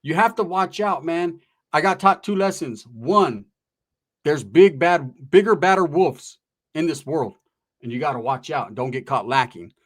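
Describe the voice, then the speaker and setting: A man's voice: a little high, moderate pace. A man casually telling a street story in slangy talk, acting out what others said. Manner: animated, slangy, acts out quotes of others.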